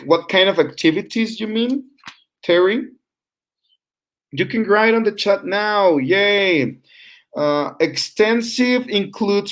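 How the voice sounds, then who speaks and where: Man teaching an online class. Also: fairly high pitch. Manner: explains with frequent "right?" checks and fillers. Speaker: teacher trainer.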